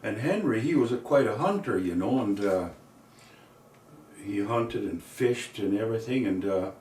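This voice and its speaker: An older man telling a folksy story in a rambling, unhurried way, filling gaps with "you know" and "uh", heard from a distant mic in an echoey room with faint accordion behind. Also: lowish voice, animated, a little mellow, a little hiss or hum. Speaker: storyteller and singer.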